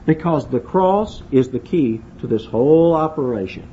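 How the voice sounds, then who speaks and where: A man's voice: on the high side, lively intonation, normal speed, muffled recording, a little hiss or hum. A man preaching a sermon, asking rhetorical questions and acting out quotes. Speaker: pastor.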